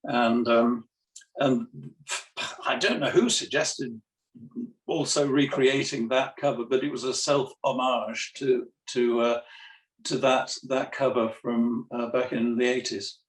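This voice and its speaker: A man's voice: medium pitch, fairly even intonation, slow. An older man speaking mildly and hesitantly as an interview guest over a video call, often repeating words. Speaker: comics artist guest. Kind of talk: casual interview chat. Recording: roomy, distant video call audio.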